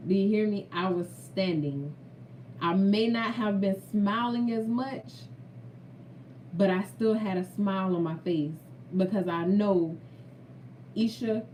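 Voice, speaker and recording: A woman's voice: medium pitch, mellow, recorded from a distance, a little hiss or hum. Earnest woman testifying to viewers, roomy. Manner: earnest, preachy, repeats for emphasis. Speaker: vlogger. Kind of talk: heartfelt faith talk to viewers. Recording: roomy, from off-mic.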